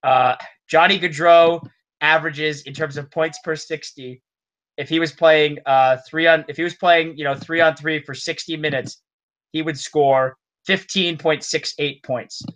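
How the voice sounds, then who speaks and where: A man's voice: on the high side, fairly even intonation, unhurried, a bit bright, low-quality recording. A young man co-hosting a podcast, easygoing and casual, reading out stats with lots of fillers. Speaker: podcast co-host. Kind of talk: casual chat.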